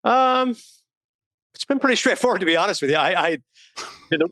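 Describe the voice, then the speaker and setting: A middle-aged man, a podcast guest telling animated anecdotes in casual chat. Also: sits high, no room sound. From Canada. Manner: animated, rapid anecdotal storyteller.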